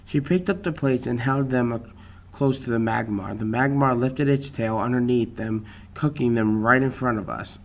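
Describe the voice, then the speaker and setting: A man's voice: medium pitch, normal speed. A young man reading his own fan story aloud at an easy pace, with small slips.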